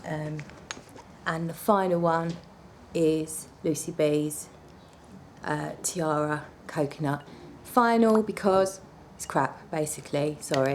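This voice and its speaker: A woman's voice: low-pitched, a little mellow, a little hiss or hum. A woman reviewing perfumes in a casual vlog, chatty and gushing with blunt, apologetic asides.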